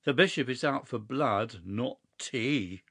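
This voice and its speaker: A man reading a story aloud, voicing a cool, mischievous young gentleman who speaks calmly and matter-of-factly. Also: mid-range voice, slow pace, husky, no room sound, studio quality, exaggerated voice. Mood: sly. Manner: calm, matter-of-fact, sly.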